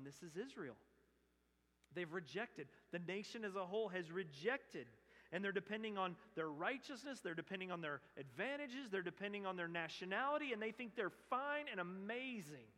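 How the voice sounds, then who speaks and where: A male pastor delivering an impassioned sermon in a church sanctuary. His voice sits a bit higher than most men's, swinging between loud emphatic bursts and hushed pleading. A long reverb trails every phrase.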